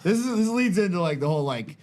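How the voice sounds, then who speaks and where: A middle-aged man telling a long, profane, rambling story in casual podcast chat, animated and full of tangents. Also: high-pitched, fast talker. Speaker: podcast host.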